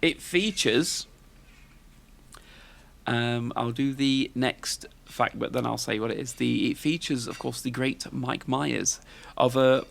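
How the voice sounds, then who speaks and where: A man's voice: mid-range voice, slow pace, gravelly. A man, hosting a podcast in casual, rambling chat and tossing questions to his co-host. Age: 40s.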